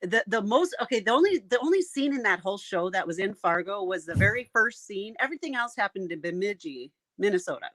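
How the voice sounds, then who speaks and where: Bright-voiced older woman, chatty. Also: mid-range voice, lively intonation, fast talker, hardly any pauses, no room sound. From South Dakota, USA. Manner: chatty, upbeat, laughs easily. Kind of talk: casual panel chat.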